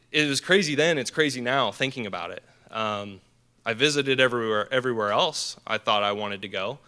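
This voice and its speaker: A young man giving an earnest, animated personal story as a speaker at a team dinner, with many fillers and restarts. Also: mid-range voice, clean tone. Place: banquet hall.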